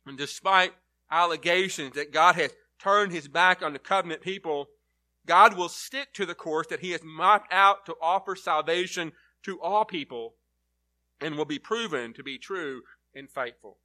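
Bright, high-voiced male preacher. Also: normal speed. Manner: earnest, emphatic on key words. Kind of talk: sermon, Bible teaching.

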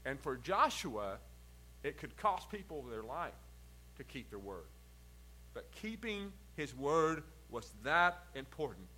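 A man's voice: mid-range voice, big pitch swings, slow pace, pushed and bright, slightly rough. A man preaching an earnest expository sermon, stressing key words and letting phrases fall at the ends. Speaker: pastor.

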